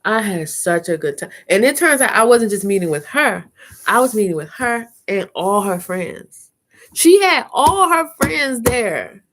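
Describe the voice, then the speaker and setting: A middle-aged woman chatting on a live stream. Her pitch sits in an ordinary middle range. She talks frankly in salty slang and acts out her own reactions as she tells her stories. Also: animated, moderate pace, fairly bright tone. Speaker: vlogger hosting a live chat. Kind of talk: casual live-stream storytelling.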